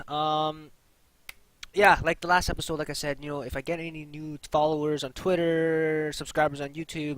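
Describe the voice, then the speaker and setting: A man's voice: on the high side, steady tone, brisk, fairly bright tone, dry recording, low-quality recording. A young man hosting a casual 3D modeling tutorial, chatty, with lots of fillers and repeated key points. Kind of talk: casual screen-recorded tutorial.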